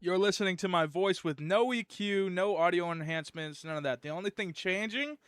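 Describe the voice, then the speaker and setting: A man's voice: high voice, a little fast, a bit bright, clean tone, dry recording, faint music behind. A young man hosting his own channel, chatting casually through an upbeat product review. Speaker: gear reviewer, channel host.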